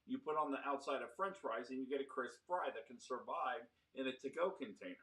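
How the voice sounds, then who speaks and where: A man's voice: mid-range voice, brisk, a bit bright, rough recording. A man co-hosting a podcast, chatting casually and explaining things at length with lots of fillers and restarts. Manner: rambling, enthusiastic explainer with fillers. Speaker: podcast co-host.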